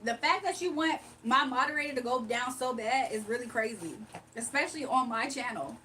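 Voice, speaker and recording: A woman with a slightly high, pushed and bright voice talks fairly quickly while hosting a casual livestream. She jokes loosely with her chat and laughs often. Her voice comes from a distance with faint background noise.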